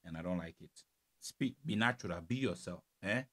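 A man's voice: sits low, brisk, a bit bright. A man from Cameroon, giving casual, teasing reaction commentary and laughing often. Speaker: reaction video host.

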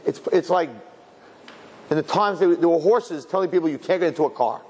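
A male rabbi giving a lively, humorous sermon full of rhetorical questions and Hebrew and Yiddish terms. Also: on the high side, a little fast, breathy edge.

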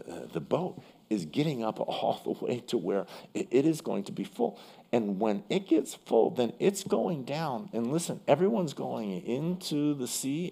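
Gravelly-voiced pastor preaching vividly. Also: male voice, mid-range voice, darkish tone. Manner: conversational, vivid storytelling preaching. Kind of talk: sermon. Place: church.

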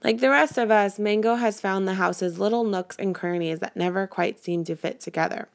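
A woman narrating a novel aloud in the first person, with steady, inward storytelling. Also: mid-range voice, normal speed. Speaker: audiobook narrator.

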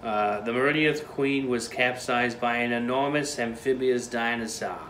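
Man doing a hammy Boston-accented newsreader; medium pitch, echoey room. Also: steady tone, normal speed, fairly bright tone, a little hiss or hum, natural voice. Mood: mock-dramatic. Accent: Boston, put on. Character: man reading a news article in a put-on accent.

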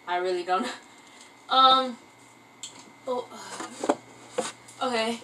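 A young woman chatting to her viewers in a loose, joking, self-mocking way, slipping into bits of song. Her voice sits high. She is recorded from a little way off the mic, with a faint hiss underneath. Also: animated, slow, pauses often, bright, forceful tone, recorded from a distance, poor audio. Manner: rambling, playful, self-mocking; breaks into singing snatches. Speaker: vlogger. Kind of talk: casual chat to camera. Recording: voice from away from the mic.

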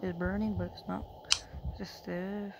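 A woman giving casual commentary while playing a game on her phone, chatty and reacting out loud, sometimes dropping into a whisper. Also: medium pitch, little pitch movement, unhurried, creaky. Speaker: gameplay commentator. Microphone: phone screen recording. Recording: phone recording with loud background noise.

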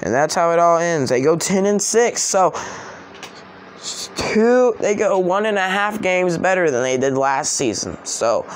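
A man's voice: high voice, very animated, unhurried, slight background noise. A man giving casual spoken predictions for a vlog, rambling and often correcting himself. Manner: rambling, self-correcting, chatty. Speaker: sports vlogger.

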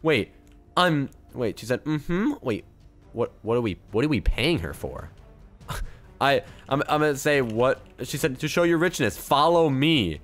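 A man doing excitable gameplay commentary as a video host, swinging from hushed murmurs to loud squeals. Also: medium pitch, a little slow, faint music behind. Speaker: gaming YouTuber.

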